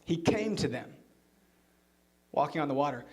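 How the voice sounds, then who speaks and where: A man, the pastor, preaching a sermon in church and telling a story, at times dropping into a hushed low voice for quoted lines. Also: lively intonation, moderate pace.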